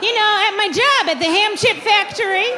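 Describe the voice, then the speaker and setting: A woman with a high voice performs stand-up comedy on a club stage, telling her story in an animated way and acting out the quoted lines. The live recording carries a clearly audible crowd and steady noise behind her. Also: normal speed. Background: audience laughter.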